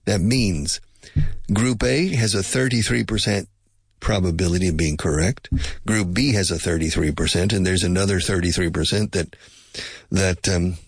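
A man with a low, gravelly, husky voice gives a casual spoken English lesson, recorded at studio quality with no echo. He muses and speculates aloud and drills pronunciation through repetition.

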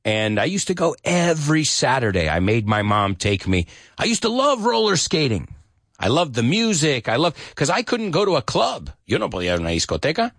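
A man's voice: on the high side, wildly swooping pitch, a little fast, a bit bright, no room sound, studio quality. A man teaching English to Spanish speakers, explaining song lyrics, singing short snippets and translating into Spanish.

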